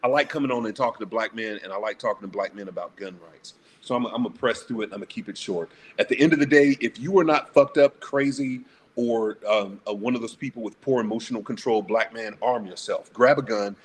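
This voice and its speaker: A man's voice: on the low side, fairly quick, slight background noise. A blunt, profane man speaking emphatically as a guest on a casual panel talk show.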